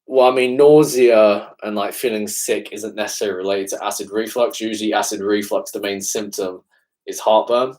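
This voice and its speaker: A young Englishman in his twenties, working as a fitness coach, answers live-stream questions in a relaxed, casual way, often filling with "man" and "obviously." His voice sits on the low side and is a little mellow, with a steady tone at normal speed. The audio quality is poor.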